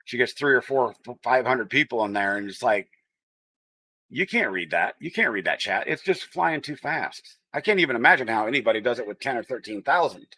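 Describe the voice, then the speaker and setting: Teasing, lively Texan-tinged male streamer. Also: medium pitch, brisk. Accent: Texan-tinged American. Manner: teasing, chatty, reacts to chat. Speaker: livestream host. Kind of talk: casual livestream chat.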